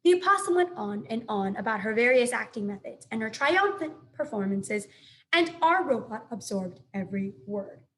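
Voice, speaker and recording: A woman's voice: a little high, lively intonation, normal speed, a little hiss or hum. A woman teacher reading a children's novel aloud and encouraging her students. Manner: warm, encouraging, speaks directly to students. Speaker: elementary school teacher. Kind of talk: read-aloud storytelling for children.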